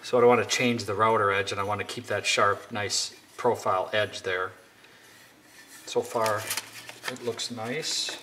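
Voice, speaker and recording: Sanding and clicks fill the background of this noisy recording from a home workshop. A young man, his voice on the low side with fairly even intonation and a measured pace, walks through a DIY woodworking project, drifting off topic and joking at his own expense.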